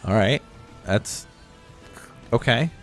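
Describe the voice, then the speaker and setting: A man's voice: on the low side, lively intonation, slow, fairly bright tone, soft background music. A man giving casual play-by-play commentary on a real-time strategy match, explaining the strategy as he goes. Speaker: game caster.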